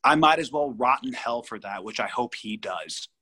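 A man's voice: medium pitch, lively intonation, normal speed, sharp tone, slightly rough. A man in his thirties from California, a guest telling a story in an interview, rambling and emphatic with many restarts. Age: 30s.

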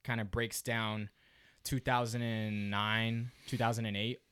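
A man co-hosting a podcast, recapping a show in a laid-back, halting way. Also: lowish voice, little pitch movement, a bit bright, smooth. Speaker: podcast co-host. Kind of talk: casual chat, recapping a show.

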